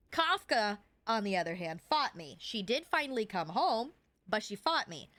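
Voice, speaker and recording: A woman's voice: medium pitch, a bit bright, no room sound. A woman streamer in casual chat with her live viewers, bubbly and rambling off on tangents.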